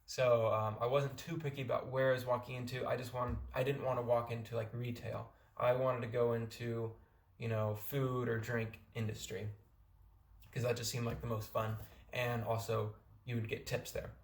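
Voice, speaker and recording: Young man, American accent, rambling casual advice, gravelly, echoey room. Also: medium pitch, level tone, normal speed. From California. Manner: rambling, many restarts and fillers. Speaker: vlogger.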